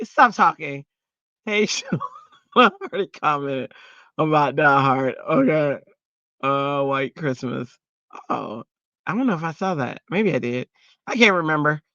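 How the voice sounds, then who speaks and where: A woman's voice: sits low, no room sound, muffled recording. Chatty woman livestreaming. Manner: chatty and animated, laughing, teasing chat. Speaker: craft channel host. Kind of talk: casual livestream chat reading viewer comments.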